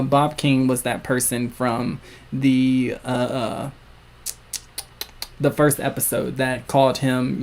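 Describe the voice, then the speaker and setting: A playful man hosting a livestream in casual chat. He jokes with his viewers in a relaxed, slow delivery at an average pitch. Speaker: livestream host reading a comic.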